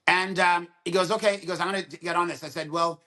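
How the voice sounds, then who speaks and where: Bright-voiced dentist, animated storyteller. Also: male voice, high-pitched, fast talker. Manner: animated storyteller who acts out both sides of quoted dialogue. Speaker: dentist, podcast guest. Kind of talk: casual podcast conversation, storytelling.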